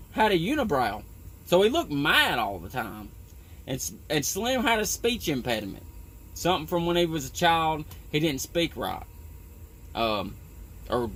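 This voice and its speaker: A man's voice: a little high, fairly bright tone, slight background noise. A man who works on a tree-trimming crew, telling a story in a rambling, profane way with lots of "you know". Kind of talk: casual storytelling.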